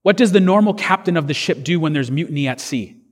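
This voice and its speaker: A man's voice: on the high side, animated, quick pace, big-room sound. A man preaching a sermon as pastor, earnest and conversational, with fillers and restarts.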